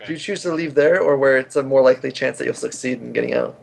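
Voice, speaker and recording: A man's voice: mid-range voice, quick pace, creaky, a little mellow. A man playing in a tabletop game, blunt and teasing with the others. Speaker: player. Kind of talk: casual tabletop game chat.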